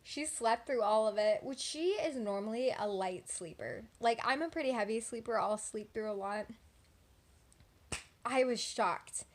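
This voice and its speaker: A woman's voice: on the high side, unhurried. An eighteen-year-old woman from Texas chatting casually into her phone camera at home at night, rambling with lots of "like" and "um". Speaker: vlogger. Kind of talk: casual storytelling vlog.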